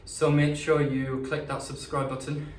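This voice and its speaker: A man's voice: mid-range voice, flat delivery, measured pace, a little hiss or hum. A man coaching a home leg workout, encouraging and casual, out of breath by the end. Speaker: fitness coach. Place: indoors at home. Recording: echoey room, mic at a distance.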